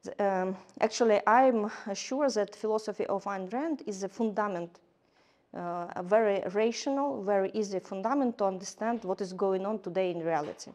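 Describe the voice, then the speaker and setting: A woman giving a lecture in English, halting often with fillers and restarts. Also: mid-range voice, a little mellow. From Ukraine. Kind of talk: lecture to a class.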